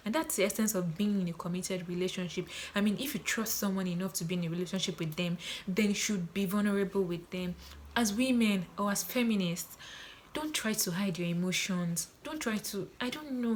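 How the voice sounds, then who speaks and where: A woman's voice: mid-range voice, a little hiss or hum. A young adult woman giving relationship advice in a casual vlog, earnest and repeating her points for emphasis. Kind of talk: casual advice talk to camera.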